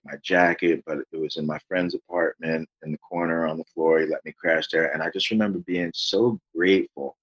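A very deep-voiced man with a husky edge, rambling through a personal story in loose, profanity-laced talk. His audio comes through dull and lo-fi, like a remote call. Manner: rambling storyteller, swears constantly. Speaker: guest, author. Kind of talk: casual interview chat.

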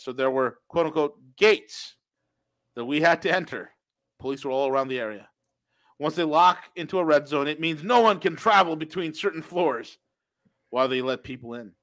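High-voiced sarcastic male podcaster. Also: a bit bright. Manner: sarcastic, mocking. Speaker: podcast co-host. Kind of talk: casual ranting commentary.

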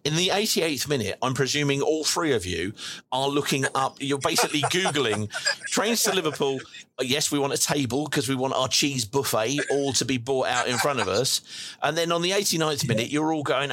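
A man's voice: medium pitch, expressive, normal speed, fairly bright tone, slight background noise. Jovial man hosting a chat. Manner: jovial, reads out listener messages. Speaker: podcast host. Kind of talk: casual live audio chat.

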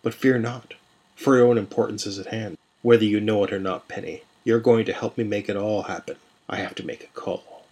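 Man doing a menacing male villain, slow, hushed, husky, low-pitched. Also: steady tone. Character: cruel scheming male villain, gloating and menacing.

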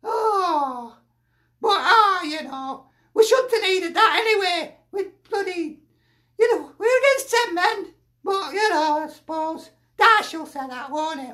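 A woman's voice: extremely high pitch, animated, takes it slowly, a bit bright. A woman delivering an exasperated, sweary fan reaction, sighing and grumbling.

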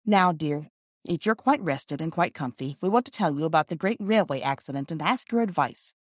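A woman reading the part of a gentle Victorian mother in a storybook, in a soft, coaxing way. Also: sits low, animated, a little fast, no room sound, clean studio sound.

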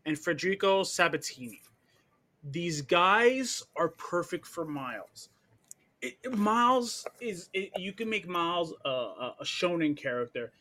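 A man co-hosting a casual podcast who talks with enthusiasm and leans hard on his points. His voice sits a little higher than most men's. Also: bright, forceful tone. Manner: enthusiastic, emphatic recommending. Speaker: podcast co-host.

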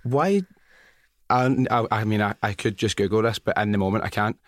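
A Scottish man hosts a podcast, asking rambling, curious questions and throwing in jokes. His voice sits a little low for a man. The sound is dry and close. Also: normal speed, no room sound. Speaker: podcast host. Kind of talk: casual interview chat.

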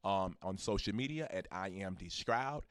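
A man from Georgia, hosting a podcast and making an excited announcement to his listeners with preacher-like calls to action. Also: sits low, moderate pace, clear, resonant tone, no echo, clean studio sound. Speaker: podcast host.

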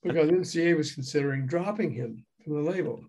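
An older man, a guest in an interview, telling animated anecdotes with chuckles and acting out quoted dialogue. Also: on the high side, fast, husky. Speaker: guest, former record promotion man. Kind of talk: casual storytelling interview.

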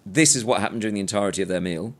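A man's voice: lowish voice, very fast. A man co-hosting a podcast, telling a rambling story in casual chat with many restarts. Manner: anecdotal, rambling with restarts, mimes gestures. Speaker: podcast co-host.

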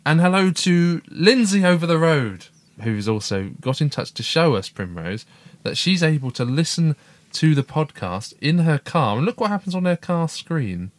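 A man's voice: fairly high pitch, big pitch swings, normal speed, dry recording. A middle-aged man co-hosting a casual family podcast, chatty and upbeat as he reads out listener emails. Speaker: podcast co-host, father.

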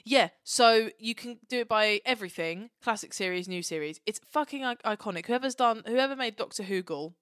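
Animated, sweary young Englishwoman. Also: a little high, a little fast, hardly any pauses, clear, resonant tone, no room sound. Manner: animated, swears a lot, acts out characters. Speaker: podcast co-host. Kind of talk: casual chat.

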